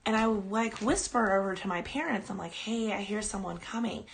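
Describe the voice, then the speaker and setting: A woman's voice: medium pitch, normal speed, a little hiss or hum. A woman podcast host casually telling a personal ghost story on a live stream, rambling and chatty. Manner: chatty, rambling, breaks off to coo at her dog.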